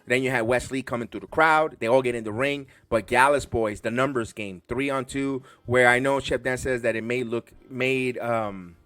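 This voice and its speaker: Excitable rambling podcast man, dry sound. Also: medium pitch, normal speed, few pauses, no room sound. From the Bronx, New York. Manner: rambling, excitable, many restarts. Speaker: podcast host. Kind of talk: casual wrestling show review.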